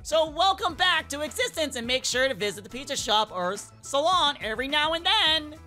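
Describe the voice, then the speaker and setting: A woman's voice: sits high, expressive, a little fast, sharp tone, soft background music. A woman reading out the lines of a smug non-human cosmic being, delivered in a dry, mocking way.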